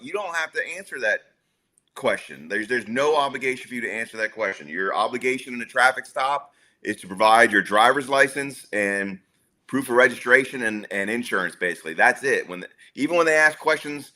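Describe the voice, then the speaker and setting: A man with a bright, forceful voice lays out the rules in a blunt, matter-of-fact way. He talks like a co-host in a casual podcast chat and swears without a second thought. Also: medium pitch, animated, fairly quick. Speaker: co-host explaining gun law.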